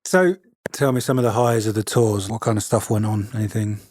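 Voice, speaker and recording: A man hosting a podcast, asking jokey, quick questions. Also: fairly low pitch, darkish tone, dry recording, clean studio sound. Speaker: podcast host. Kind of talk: casual interview.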